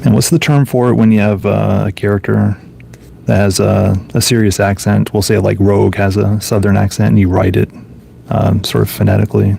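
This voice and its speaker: A man's voice: lowish voice, flat delivery, fairly quick, gravelly, warm tone, a little hiss or hum. A man casually commenting to himself while flipping through old comic books, offhand and musing. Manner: offhand, musing, mumbles to himself between thoughts. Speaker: comic book collector vlogger. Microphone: phone camera.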